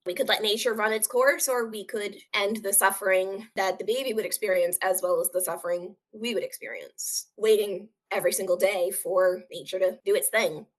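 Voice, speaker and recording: A woman's voice: mid-range voice, fairly even intonation, normal speed, few pauses. A woman telling a painful personal story as an interview guest, earnest and open, often acting out what others said. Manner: earnest, acts out quoted voices.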